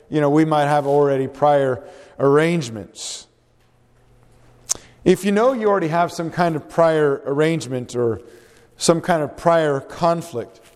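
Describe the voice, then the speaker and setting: A man's voice: fairly high pitch, a little mellow. Man preaching in a reverberant hall. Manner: earnest, exhorting, asks the congregation questions. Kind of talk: sermon.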